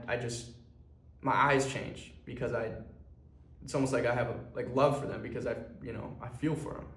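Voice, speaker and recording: A young man talking earnestly to camera in a rambling way, with plenty of fillers. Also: medium pitch. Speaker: clothing brand founder. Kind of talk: personal vlog monologue. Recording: echoey room.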